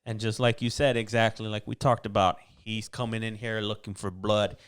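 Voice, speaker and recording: A man with a smooth, low voice talks through quarterback rankings in relaxed sports-podcast banter. He sounds animated, and his voice leaps upward when he gets excited. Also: normal speed. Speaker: podcast co-host. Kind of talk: casual sports chat.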